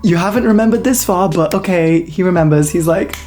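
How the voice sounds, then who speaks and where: A woman's voice: fairly low pitch, normal speed, hardly any pauses, a little mellow, faint music behind. A young woman giving a casual, sarcastic movie review vlog, mocking and swearing freely. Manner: snarky, mocking, peppered with swearing and "like".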